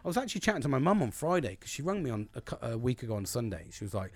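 Sweary British man, lively pitch. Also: fast talker, no room sound. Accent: British English. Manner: heavy swearing, blunt and confessional. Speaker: podcast host. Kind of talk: solo podcast monologue.

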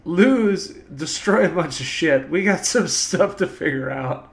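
Dude on a podcast, slow and gravelly, kinda high, sarcastic. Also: male voice, fairly bright tone. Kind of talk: casual podcast chat.

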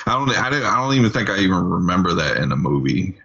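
Male podcast co-host, very deep gravelly voice, husky, muffled lo-fi audio. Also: sing-song, quick pace, a crowd in the background. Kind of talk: casual chat.

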